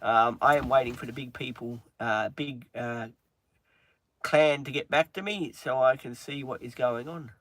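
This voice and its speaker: A man chatting on a livestream in a halting, earnest way, with many pauses and restarts, openly upset. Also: medium pitch, fairly bright tone, dry recording. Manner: halting, frequent ums and restarts. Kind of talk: casual livestream chat.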